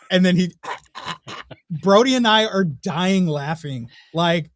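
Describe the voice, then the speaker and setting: Animated, foul-mouthed man podcasting. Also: high-pitched, slow pace, slight background noise. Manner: profane, animated storytelling. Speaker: podcast co-host. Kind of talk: casual podcast chat.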